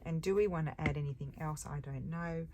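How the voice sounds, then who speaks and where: A woman with a low, slightly quick voice narrates a relaxed crafting session at her table as a crafting vlogger, musing aloud and correcting herself along the way. The recording is clear, with background noise and the clicks of her crafting.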